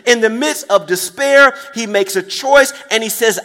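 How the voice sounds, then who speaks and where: Male preacher, very high voice, call-and-response delivery, long hall reverb. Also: lively intonation, normal speed, few pauses, bright, forceful tone. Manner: emphatic call-and-response, repeats phrases, checks in with listeners. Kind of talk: sermon.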